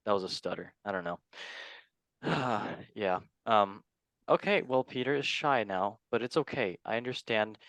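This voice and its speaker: A man hosting a casual football podcast, rambling and making fun of himself, often trailing off quietly. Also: lowish voice, expressive, measured pace, dry recording. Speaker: podcast host. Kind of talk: casual chat.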